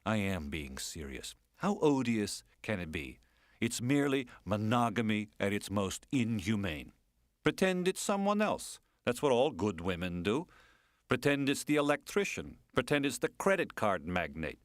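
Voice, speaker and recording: A man reading the part of a sardonic, provocative aging man in an audiobook, speaking in a mock-gentle, coaxing, teasing way. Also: on the low side, big pitch swings, normal speed, no room sound, clean studio sound. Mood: taunting.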